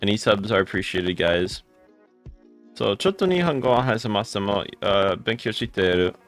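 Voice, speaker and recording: A man live streaming a game, rattling off quick greetings and answering chat comments in casual talk. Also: lowish voice, animated, a bit bright, faint music behind. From United States.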